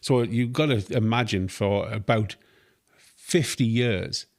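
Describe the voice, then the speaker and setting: A man's voice: on the low side, slow. A man co-hosting a movie podcast, steering the chat with affection for the film. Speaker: podcast co-host. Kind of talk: casual chat.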